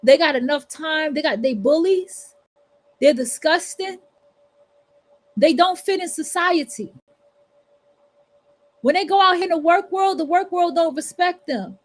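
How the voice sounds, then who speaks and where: A woman talks straight at her listeners in a loose livestream monologue. Her voice sits high, and her delivery is blunt, profane and preachy. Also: measured pace, pauses often. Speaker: livestream host. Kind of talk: casual monologue.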